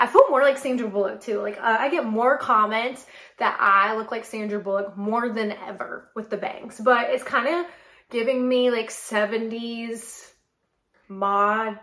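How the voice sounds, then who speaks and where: A woman in her late twenties from North Carolina, hosting a podcast and telling a story in a chatty, animated way full of "like". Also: fairly high pitch, a little slow, roomy sound. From North Carolina, USA. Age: late 20s. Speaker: podcast host and model. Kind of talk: casual solo chat.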